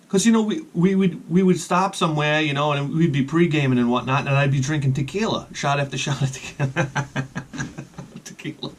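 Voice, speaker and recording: Rambling middle-aged man telling stories. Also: on the high side. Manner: rambling, restarts sentences, chuckles at own jokes. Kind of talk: rambling casual storytelling.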